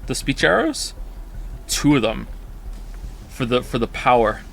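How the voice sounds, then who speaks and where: Bright-voiced male streamer, chatty. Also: medium pitch, sing-song, measured pace, gravelly, slight background noise. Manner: chatty, rambling with frequent restarts. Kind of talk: casual livestream chat reacting to viewer comments.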